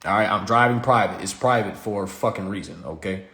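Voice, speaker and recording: A man hosting a live stream, ranting in a casual comedic way, profane and animated, and laughing often. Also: fairly low pitch, fairly quick, echoey room.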